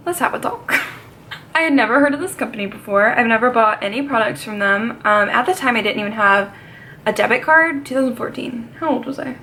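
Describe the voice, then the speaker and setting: A woman's voice: fairly high pitch, animated, a little fast, sharp tone, slight background noise. A young woman vlogger telling a dramatic personal story in a chatty, casual way. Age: young adult. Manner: chatty, dramatic, swears and laughs often.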